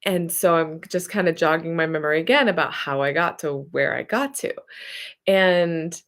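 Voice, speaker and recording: A woman's voice: sits low, moderate pace. A woman therapist telling a personal story in a casual, chatty way, rambling and correcting herself as she goes. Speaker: therapist and hypnotherapist.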